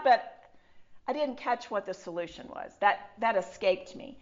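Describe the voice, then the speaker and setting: A middle-aged woman with a fairly high voice shares her personal testimony with a roomful of listeners. She tells it in an animated, self-deprecating way, stumbling and restarting as she goes. The recording sounds dull and lo-fi. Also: moderate pace. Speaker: speaker sharing her testimony. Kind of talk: personal testimony talk to a live audience. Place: room with an audience.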